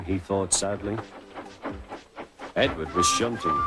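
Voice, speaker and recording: A man narrating a storybook in an expressive way. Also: deep voice, a little slow, long pauses, noisy background. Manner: expressive, animated. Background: music.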